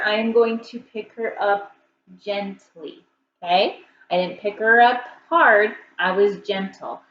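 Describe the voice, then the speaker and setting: A woman teacher giving a reading lesson to young children, slow and encouraging, repeating each prompt. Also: mid-range voice, muffled recording, a little hiss or hum.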